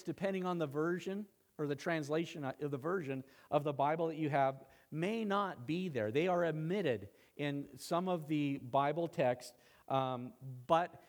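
A male pastor preaching a sermon, dramatic and conversational, acting out quoted lines and making asides. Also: on the high side. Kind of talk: expository sermon.

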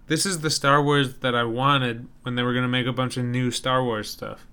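A young man co-hosts a casual chat, joking at his own expense. His voice is bright and forceful, with a smooth, resonant clarity to every word. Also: mid-range voice, fairly even intonation, moderate pace. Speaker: podcast co-host.

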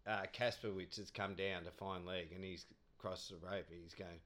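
A man's voice: deep voice, little pitch movement, normal speed, few pauses, a bit bright. A man, a podcast guest telling cricket anecdotes in a rambling, chatty way, laughing often.

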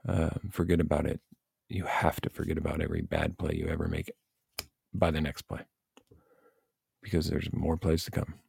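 A man with a deep, dark voice and heavy vocal fry gives youth baseball advice as a coach and parent. He vents bluntly and swears freely, in a casual, animated rant. The sound is dry and close. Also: normal speed, long pauses, no echo. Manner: blunt, profane, animated venting.

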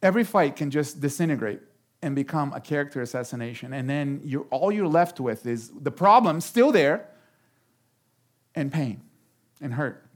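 A man preaching a sermon as pastor, talking in an animated way and jumping up in pitch for emphasis. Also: normal speed. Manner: animated, jumps high for emphasis.

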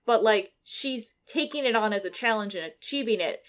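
A woman co-hosting a casual podcast chat, animated and laughing often as she recaps a game. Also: on the high side. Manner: animated, laughs often, acts out characters in quick voices. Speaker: podcast co-host.

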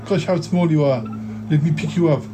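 A man's voice: fairly high pitch, fairly quick, music in the background, close to an everyday voice. A man voicing Cromitty, a fussy, dithering inventor who keeps fretting aloud. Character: fretful inventor Cromitty, keeps saying oh dear.

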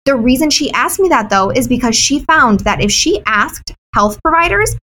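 A woman's voice: high-pitched, animated, moderate pace, few pauses, sharp tone, poor audio. A woman who owns a wellness business, chatting candidly and animatedly as a guest in an interview. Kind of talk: casual interview chat.

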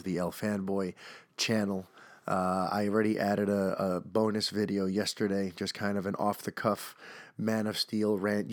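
A man's voice: lowish voice, dry recording, clean studio sound. Chatty, rambling male podcast host. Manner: rambling, chatty, self-interrupting with repeated starts. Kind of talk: casual podcast monologue.

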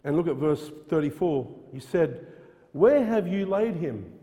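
A man's voice: a little high, very animated, measured pace, dark tone, in a large hall. A man preaching a sermon in a church, earnest and emphatic, repeating phrases and quoting old-style scripture. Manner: quotes King James scripture aloud.

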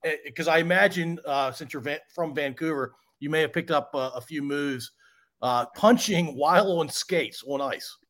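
A man's voice: fairly high pitch, normal speed, a bit bright. A man hosting a podcast, asking his guest questions in a conversational way and often repeating words. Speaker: podcast host. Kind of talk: interview conversation.

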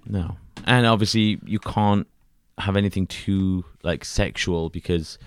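A man's voice: sits low, a little slow, clear, resonant tone. A man co-hosting a podcast, rambling and joking with plenty of swearing. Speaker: podcast co-host. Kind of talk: casual crude banter.

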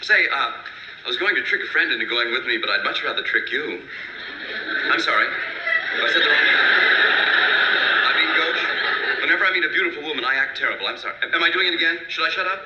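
A fussy, nervous man rambles and apologizes in an old sitcom. His voice sits a little high and sounds bright. The old TV soundtrack is dull and roomy, with faint hiss. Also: wildly swooping pitch, quick pace, long pauses, exaggerated voice. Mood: flustered. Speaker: sitcom character.

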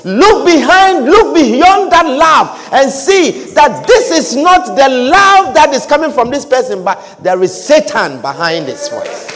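Fervent high-voiced male preacher. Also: sing-song, measured pace, few pauses, a little hiss or hum. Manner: fervent, repeats phrases for emphasis, at times shouting. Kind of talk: sermon. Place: church. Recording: long reverb of a large hall.

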